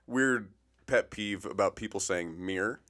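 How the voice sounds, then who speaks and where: A man with a fairly low voice co-hosts a casual podcast, keeping things loose and joking and tossing in "bro" and "dude" as he talks. He is recorded in a small office. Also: animated, normal speed. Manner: laid-back, joking, says "bro" and "dude". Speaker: podcast co-host. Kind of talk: casual chat.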